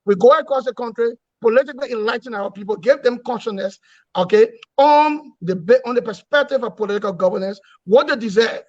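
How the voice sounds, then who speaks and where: A man's voice: very high voice, a little fast, a little mellow, no room sound. A man leading an opposition movement, speaking in an interview with emphatic, repetitive oratory and rhetorical questions. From Liberia. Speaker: opposition movement leader, guest. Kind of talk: political interview. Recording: dull, dry lo-fi sound.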